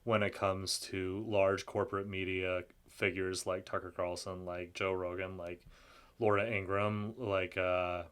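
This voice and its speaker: A man speaking as a guest in a political discussion, halting and often restarting his sentences. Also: low-pitched, little pitch movement, a bit bright, smooth. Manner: halting, frequent restarts and stammered repeats.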